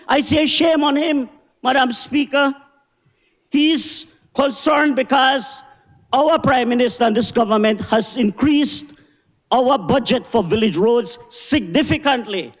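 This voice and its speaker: Belizean guy ranting in parliament, really high voice, long echo in the chamber. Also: slow. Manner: forceful, indignant oratory, repeating "Madam Speaker". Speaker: government minister. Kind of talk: parliamentary speech.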